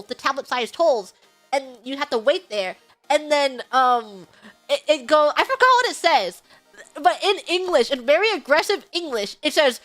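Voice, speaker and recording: A young woman streamer casually retelling an outing, animated and laughing often. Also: high voice. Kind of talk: casual storytelling chat. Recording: faint music behind.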